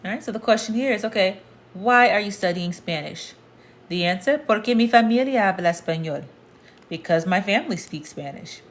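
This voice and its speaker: A woman's voice: medium pitch, fairly quick, fairly bright tone. A woman teaching a casual language lesson, explaining patiently and repeating points to the viewer. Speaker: Spanish teacher.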